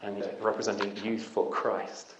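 A man's voice: on the low side, level tone, normal speed, a bit bright, slight background noise. A man giving an evangelical conference talk, conversational and punchy, with emphatic rising passages. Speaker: conference speaker. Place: conference hall. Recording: echoey hall.

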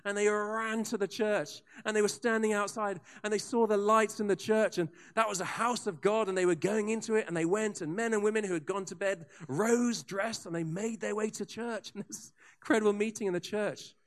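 A man preaching a sermon, telling revival stories with lively asides and frequent restarts. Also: high-pitched, fairly quick, few pauses. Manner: animated storyteller with asides and restarts. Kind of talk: sermon storytelling.

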